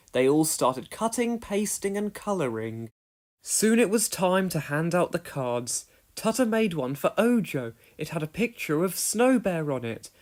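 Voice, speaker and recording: A woman narrating a children's storybook aloud with expressive storytelling. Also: on the low side. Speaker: storybook reader.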